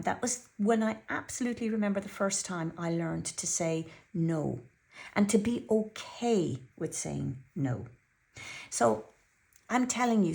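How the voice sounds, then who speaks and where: A woman's voice: mid-range voice, gravelly, a little mellow. A woman giving an earnest, chatty weekly tarot reading and telling a personal story, often repeating herself. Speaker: tarot reader.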